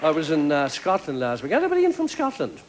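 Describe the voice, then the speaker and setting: A male stand-up comedian fires off quick one-liners in a fairly high, animated voice. He plays to a live TV studio audience, and their laughter and noise are loud around him. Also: a loud crowd. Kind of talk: stand-up comedy set on a TV show.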